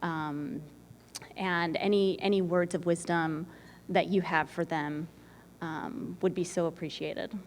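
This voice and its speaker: A woman moderating an onstage conversation, speaking haltingly with many fillers. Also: fairly low pitch, steady tone. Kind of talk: onstage interview. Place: large event hall. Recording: reverberant hall with faint noise.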